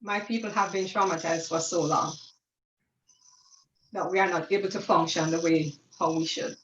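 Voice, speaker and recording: A woman's voice: fairly low pitch, steady tone, normal speed, a bit bright, slight background noise. A woman on a church panel, reading her own poem and reflecting with earnest, building intensity. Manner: earnest, rising intensity in repeated refrain. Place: church town hall. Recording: distant, roomy, dull-sounding.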